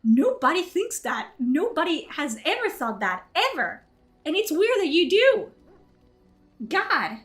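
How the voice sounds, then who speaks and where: A woman's voice: very high voice, sing-song, a little slow. A young woman streaming live, ranting in casual chat with indignant outbursts and swearing. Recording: faint music behind.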